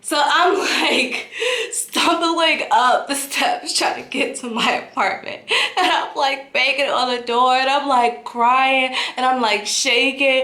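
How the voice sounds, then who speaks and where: A young adult woman telling a story time in a vlog, animated and dramatic, often breaking into laughter. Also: high-pitched, slow pace. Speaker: vlogger. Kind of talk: casual storytelling. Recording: roomy echo.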